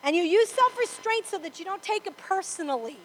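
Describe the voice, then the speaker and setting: This recording is rough, with a little hiss or hum, and captures a woman's extremely high, expressive, slightly bright voice moving fairly quickly. She's preaching a sermon in church, hammering points through repetition and repeatedly checking with the congregation: "Amen?"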